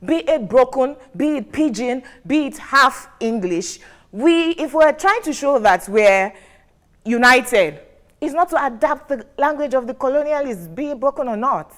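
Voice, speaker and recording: Nigerian woman debater, slightly high voice, measured and firm. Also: expressive. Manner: measured, firm, rhetorical repetition. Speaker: debate guest. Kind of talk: formal debate argument.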